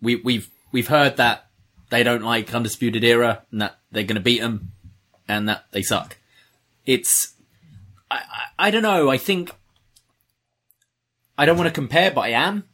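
A man's voice: mid-range voice, unhurried, pauses often, fairly bright tone. A man co-hosting a wrestling review podcast, chatting casually and wryly critiquing the show with jokes. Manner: critical, joking, wry.

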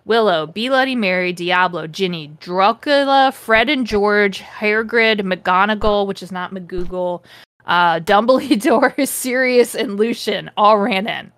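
Slow, sarcastic woman reading aloud. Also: medium pitch, a bit bright, no echo. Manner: mock-dramatic, sarcastic. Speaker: podcast host reading aloud. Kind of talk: comedic dramatic reading with asides.

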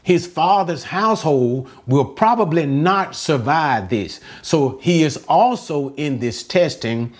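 A man giving Bible commentary in a slightly raised voice that rises and falls widely. He speaks slowly and with emphasis, putting rhetorical questions to his listeners and sometimes repeating a word while he finds the next thought. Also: on the high side, animated. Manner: repeats words while searching. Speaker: Bible teacher.

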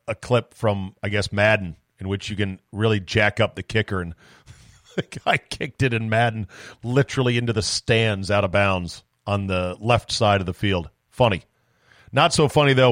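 A man's voice: mid-range voice, no room sound, studio quality. A man hosting a solo sports podcast, telling loose, rambling stories with casual profanity. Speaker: sports talk podcast host.

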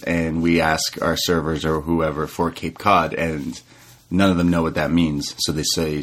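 A man co-hosting a casual podcast, relaxed as he recaps matches and laughs along. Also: a bass voice, measured pace. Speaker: co-host, wrestling reviewer.

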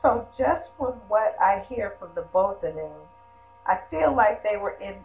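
Woman, co-host, measured opinion, slow pace, dull sound. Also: mid-range voice, animated, soft background music. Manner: measured, careful to qualify her view. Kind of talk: casual chat.

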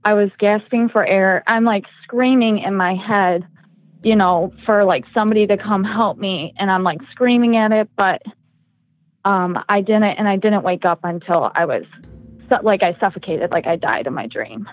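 A woman's voice: medium pitch, normal speed. A young woman telling a personal story as a podcast guest, rambling with lots of "like" and "um". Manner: rambling, heavy use of "like" and "um". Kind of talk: casual podcast chat. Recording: tinny phone-like dry sound.

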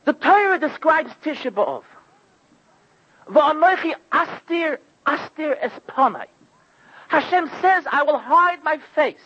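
High, bright-voiced impassioned preacher man. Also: expressive, slow. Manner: impassioned storytelling, acting out quoted voices. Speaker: rabbi giving a sermon. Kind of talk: sermon. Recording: dull lo-fi recording.

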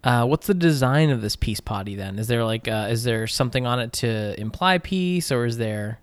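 Podcast host guy, deadpan mock-serious questions, middle voice, dry close sound. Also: mid-range voice, normal speed, smooth, dry recording. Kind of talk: comedy podcast banter.

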